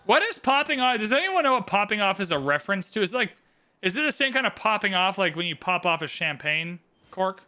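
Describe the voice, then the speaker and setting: A man commentating a live game stream, excitable and theatrical, swinging from shouts to mumbled asides. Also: high-pitched, brisk. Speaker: livestream host commentating an AI game tournament.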